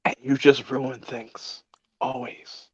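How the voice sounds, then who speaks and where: A man's voice: medium pitch, level tone, slow pace, husky, no echo, lo-fi sound. A man chatting casually as a co-host, teasing and joking with swearing. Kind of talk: casual chat.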